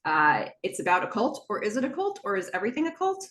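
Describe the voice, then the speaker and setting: A woman's voice: mid-range voice, wildly swooping pitch, quick pace, fairly bright tone, reverberant. A woman hosting a podcast, recapping a TV episode in a casual, chatty way with lots of fillers and asides. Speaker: podcast host.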